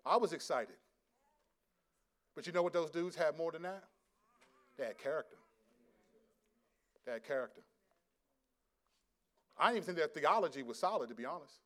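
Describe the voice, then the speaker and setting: A man preaching a sermon as a pastor, telling stories in an animated, slangy way and laughing often. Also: on the high side, moderate pace, pauses often.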